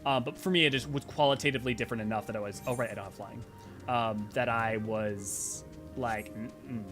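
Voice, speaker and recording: A man's voice: medium pitch, a little fast, music in the background. A man streaming a game, rambling and joking casually while he plays and chats. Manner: animated, rambling, jokey. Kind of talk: casual let's-play commentary.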